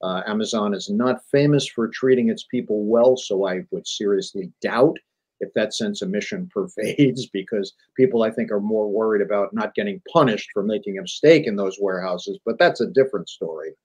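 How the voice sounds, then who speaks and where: A middle-aged man, a journalist and author, telling business stories in a lively, emphatic way as a guest on an interview show. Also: lowish voice, moderate pace, breathy edge, poor audio. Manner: animated storyteller, emphatic repetition. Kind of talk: conversational interview.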